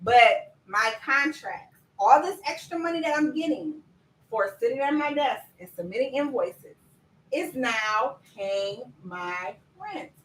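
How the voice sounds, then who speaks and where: A woman coaching viewers in a lively live-stream chat, talking to them directly and laughing often. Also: fairly high pitch, slow, echoey room, recorded from a distance, a little hiss or hum, poor audio. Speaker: business coach.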